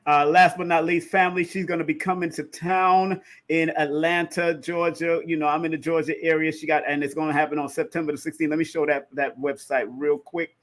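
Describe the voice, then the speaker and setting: Middle-aged man hosting, animated and jokey. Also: a little high, fairly quick, hardly any pauses. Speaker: show host. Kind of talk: casual interview chat.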